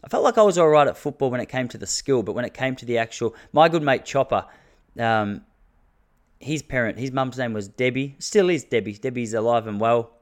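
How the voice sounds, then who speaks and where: A man's voice: mid-range voice, fairly quick. An Australian man in his thirties hosting a solo podcast, rambling and joking, with mock rants. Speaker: podcast host. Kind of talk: casual solo podcast chat.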